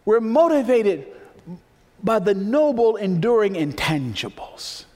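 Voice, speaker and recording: A man's voice: high voice, lively intonation, slow, a little mellow. Emphatic male preacher in a reverberant hall. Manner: emphatic preaching, repeating key phrases. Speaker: pastor. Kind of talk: sermon. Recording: long reverb of a large hall.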